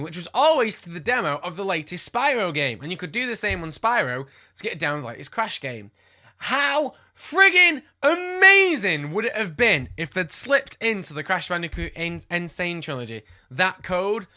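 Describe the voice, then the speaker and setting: A man's voice: high voice, pushed and bright. A man chatting casually as a gaming vlogger, enthusiastic and gushing, with playful asides. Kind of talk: casual chat.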